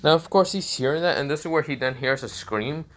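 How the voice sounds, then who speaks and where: A man's voice: on the high side, a little fast, heavy background noise. A man retelling a fan story casually, rambling with many fillers.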